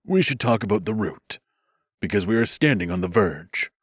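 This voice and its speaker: A man's voice: lowish voice, animated, normal speed, fairly bright tone, slightly rough, no echo. Man doing a dry, smirking mage. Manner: dry, smirking, plain-spoken.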